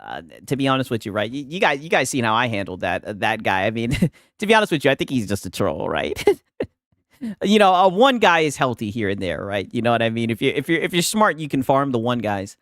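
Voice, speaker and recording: A male stream host in casual trash-talk commentary, mocking and laughing as he talks. His pitch swings widely from line to line. The sound is dry and close, with no room around it. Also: big pitch swings, a little fast, fairly bright tone, dry recording. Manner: mocking, laughing, tags lines with "right?".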